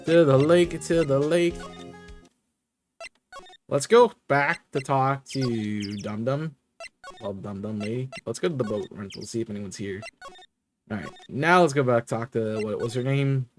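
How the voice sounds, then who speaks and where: A streamer reading game dialogue aloud with low, deadpan muttered asides.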